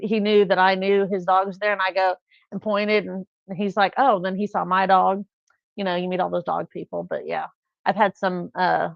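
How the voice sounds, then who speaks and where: Middle-aged female livestream host, chatty storyteller, gravelly tone, lo-fi dry audio. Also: mid-range voice, dry recording. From California. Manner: chatty storytelling, acts out voices in anecdotes. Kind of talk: casual chat. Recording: dull lo-fi livestream sound.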